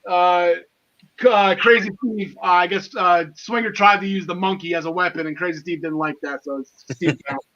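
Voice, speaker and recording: A man's voice: sits high, fairly even intonation, normal speed, bright, forceful tone, dull audio. A man hosting a casual wrestling podcast, enthusiastic and laughing often, with lots of fillers and restarts. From half Irish. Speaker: podcast host.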